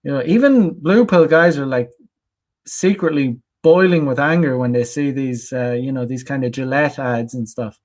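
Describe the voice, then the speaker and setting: A man's voice: mid-range voice, moderate pace, a little mellow. A young adult man from Ireland, ranting in a rambling, blunt, profane way on a casual livestream and reading out chat comments. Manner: rambling, many restarts and fillers, blunt and profane. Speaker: channel host.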